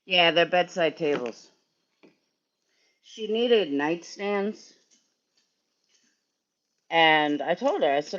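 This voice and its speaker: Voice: mid-range voice, animated, takes it slowly, long pauses, a bit bright, dull audio. A sleepy, yawning streamer rambling and swearing in casual chat with viewers while working in a garage. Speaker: livestreamer.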